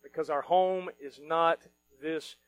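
A male pastor preaching a sermon, switching between quiet earnest stretches and loud mocking outbursts. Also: on the high side, slow pace, clean tone, no room sound, soft background music, low-quality recording. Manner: animated, mocking voices of worried people, rising to shouts.

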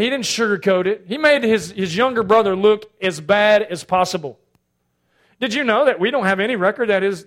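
A male pastor preaching a sermon, swinging between loud emphatic lines and hushed asides. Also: high-pitched.

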